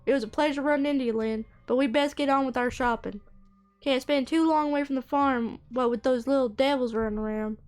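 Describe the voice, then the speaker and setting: A woman's voice: high voice, a little fast, darkish tone, smooth, faint music behind, natural voice. A woman putting on a folksy Southern farmer. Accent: put-on Southern US.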